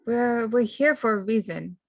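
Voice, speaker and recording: A woman's voice: a little high, unhurried, no echo. Giggly, hesitant woman player. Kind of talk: playing a tabletop game in character.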